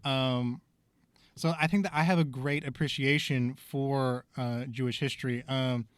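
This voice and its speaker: A man's voice: mid-range voice, fairly even intonation, a little slow, clean tone, no room sound. A man co-hosting a podcast, talking in a rambling, thoughtful way with lots of fillers. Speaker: podcast co-host. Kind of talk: casual podcast discussion.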